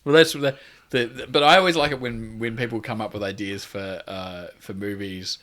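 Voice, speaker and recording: Bright-voiced, lower-pitched male podcast co-host. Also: steady tone, moderate pace. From New Zealand. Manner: rambling, restarts, laughs easily. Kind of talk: casual film news chat.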